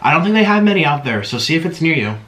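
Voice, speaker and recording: A man's voice: fairly high pitch, big pitch swings, rapid-fire, a bit bright, a little hiss or hum. A man chatting casually to viewers while eating, humming with his mouth full between sentences. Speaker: mukbang vlogger.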